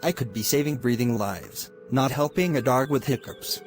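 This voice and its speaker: A man's voice: mid-range voice, normal speed, soft background music, close to an everyday voice. A man playing an exasperated male emergency doctor who rants at being called. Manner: exasperated, ranting.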